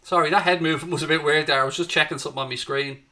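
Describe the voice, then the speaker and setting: An Irish man hosts a live football watchalong with a bright, forceful voice. He greets his viewers by name and calls the play as it happens. His voice sits somewhat high for a man. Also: fairly even intonation, rapid-fire. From Ireland. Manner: chatty, greets viewers and reads their chat, lifts up at match action. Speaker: host of a live match watchalong. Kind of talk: live fan commentary on a streamed watchalong.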